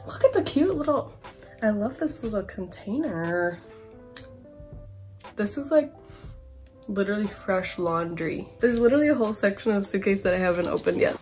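A woman's voice: mid-range voice, animated, normal speed, pauses often, a little mellow, faint music behind. Gushing young woman unboxing a gift. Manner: gushing, rambling, fillers of "like" and "literally". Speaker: campus brand rep. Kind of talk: unboxing vlog.

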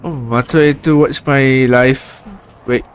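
A man with a Malaysian accent, Malay as his first language, streaming a game live and reacting with excitable bursts of exclamations. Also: medium pitch, takes it slowly, clean tone. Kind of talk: live gameplay commentary.

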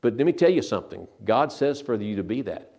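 A man's voice: medium pitch, sing-song, gravelly, warm tone. Earnest older man preaching a sermon. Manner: earnest and emphatic, slows down to stress scripture; repeats words and restarts phrases.

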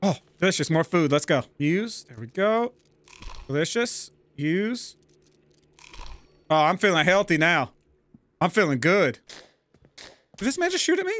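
A man giving casual, profane gameplay commentary, prone to loud excited outbursts. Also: sits high, measured pace, long pauses. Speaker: gaming YouTuber.

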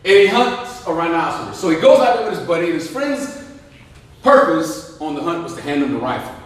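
A veteran man giving a lively motivational speech, joking and asking the crowd questions. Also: fairly high pitch, brisk. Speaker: guest speaker, veteran. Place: large indoor hall. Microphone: distant microphone. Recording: echoey hall, distant mic.

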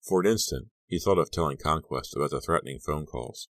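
A man narrating an audiobook in a steady, even reading voice. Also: rumbling low, fairly quick, dry recording. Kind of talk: scripted narration.

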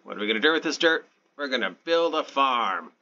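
A man hosting his own gaming channel, talking through his play in a deadpan, sarcastic, self-mocking way. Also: mid-range voice, fairly quick, highs cut off. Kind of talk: sarcastic let's play commentary.

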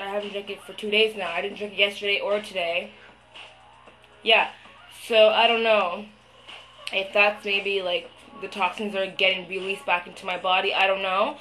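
A young woman talking to the camera in a video diary, venting her frustration, swearing a lot and pausing often with fillers. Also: medium pitch, pushed and bright, rough recording. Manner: hesitant, many fillers. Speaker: vlogger.

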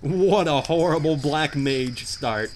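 A young man giving jokey, animated commentary while playing a hard video game, often shouting in frustration. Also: fairly high pitch, slow pace, background noise. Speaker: gameplay commentator. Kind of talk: let's play commentary.

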